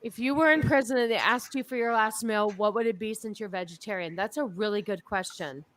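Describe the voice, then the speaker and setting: A woman's voice: medium pitch, fairly quick, fairly bright tone. Chatty woman hosting a loose stream. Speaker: podcast host. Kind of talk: casual chat on a livestream.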